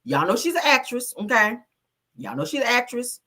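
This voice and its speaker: A woman's voice: a little high, very animated, moderate pace, vocal fry, sharp tone. A woman hosting casual reality TV gossip commentary, sassy, blunt and full of slang. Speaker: host.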